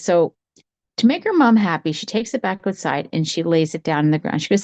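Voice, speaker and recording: A woman's voice: fairly low pitch, animated, normal speed, a little mellow, dry recording. A woman podcast host telling a spooky story in a chatty, casual way, with lots of repeated phrases.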